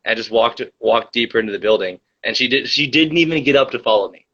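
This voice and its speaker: A man's voice: medium pitch, animated, quick pace, bright, forceful tone, lo-fi sound. A young man hosting a casual livestream, telling a rambling story full of fillers and reading the chat.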